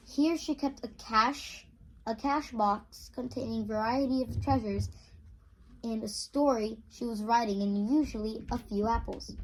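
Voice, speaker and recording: Reader: woman, unhurried, slightly high, stumbles and repeats while reading aloud. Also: slight background noise, poor audio. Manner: halting, restarts and repeats words.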